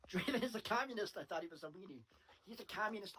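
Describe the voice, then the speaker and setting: A woman's voice: mid-range voice, lively intonation, brisk, pushed and bright, slight background noise, poor audio. A woman ranting in a preachy, sarcastic way, repeating herself. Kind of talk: ranting monologue. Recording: faint music behind.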